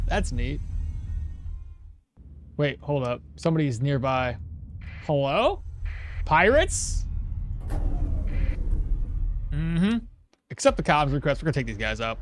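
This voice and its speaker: A man's voice: on the high side, big pitch swings, measured pace, pauses often, soft background music. A man streaming a game live, chatting casually and self-deprecatingly, reading chat aloud as he plays. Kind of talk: casual live gameplay commentary.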